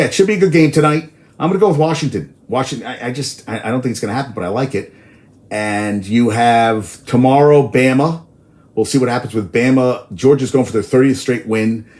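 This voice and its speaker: Casual male sports-talk host, mid-pitched, loose and tangent-prone, swears freely. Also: darkish tone. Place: outdoors in New York.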